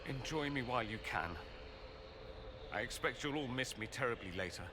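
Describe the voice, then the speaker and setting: A man's voice: mid-range voice, animated, normal speed, background noise, close to an everyday voice. An actor playing a vain, dry-witted male adventuring companion in a video game, speaking in a smug, self-assured way.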